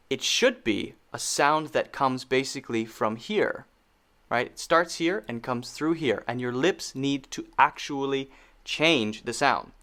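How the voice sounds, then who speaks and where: A man gives a pronunciation lesson at a slow, unhurried pace. He sits at an ordinary middle pitch and repeats each sound patiently so it can be copied. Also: a bit bright. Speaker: pronunciation teacher. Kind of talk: spoken lesson.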